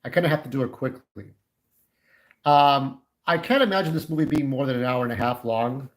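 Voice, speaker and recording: A man's voice: mid-range voice, a little fast, poor audio. Guy in his 40s rambling to his livestream chat, blunt opinions, ordinary mid voice. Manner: candid, opinionated, talks straight to viewers. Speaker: YouTube livestreamer.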